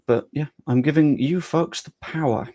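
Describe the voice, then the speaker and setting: A man's voice: a little high, normal speed, mellow. A young man chatting casually and loosely on a live stream, talking straight to his chat with the odd swear.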